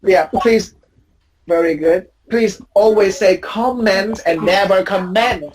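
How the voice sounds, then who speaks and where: A woman's voice: medium pitch, a little slow, a little mellow, a little hiss or hum, poor audio. A woman teaching English pronunciation in a class drill, patiently correcting students and repeating each word as a model.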